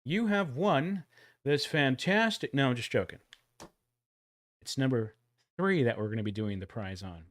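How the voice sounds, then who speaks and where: A man hosting a casual livestream trivia giveaway, joking around and calling out loud countdowns. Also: medium pitch, moderate pace, pauses often. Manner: jokey, animated, loud countdowns.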